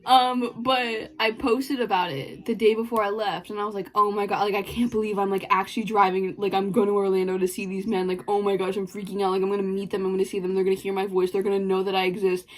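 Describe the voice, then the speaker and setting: A woman's voice: medium pitch, flat delivery, quick pace, hardly any pauses. A young woman vlogging a casual storytime, rambling, giddy and swearing, with bursts of laughter.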